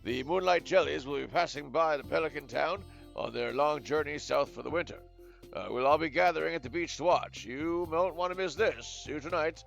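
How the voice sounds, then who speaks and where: A man voicing a male villager in a mock German accent, reading out a letter with halting pauses. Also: on the high side, vocal fry, fairly bright tone, faint music behind, pitched above the performer's own voice. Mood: formal inviting. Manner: reads a letter with halting fillers.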